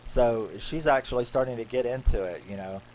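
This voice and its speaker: A horror film reviewer casually recaps a movie's plot in a rambling way, acting out the characters' lines. He talks fairly quickly in a medium-pitched, slightly mellow voice, on a low-quality recording with slight background noise.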